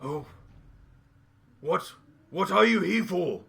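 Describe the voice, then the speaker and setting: A man putting on a zealous ogre warrior for a tabletop game, declaiming in a bright, gravelly voice pitched a little high. He booms his words like oaths, grave and theatrical. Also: expressive, slow pace, exaggerated voice. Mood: surprised. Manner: booming, solemn, theatrical declarations. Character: gruff male ogre warrior, zealous heretic hunter.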